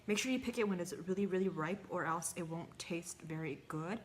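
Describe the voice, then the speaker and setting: Woman, lower voice, casual gardening vlog, chatty, hesitant, eats while talking, faint background noise. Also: a little fast. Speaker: gardening vlogger.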